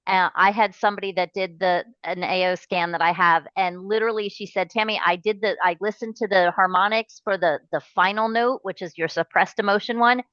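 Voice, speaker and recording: A woman hosting a podcast, chatty and quick to jump in with asides. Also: mid-range voice, fairly even intonation, a bit bright, dry recording, muffled recording. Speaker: podcast host. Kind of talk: casual podcast interview.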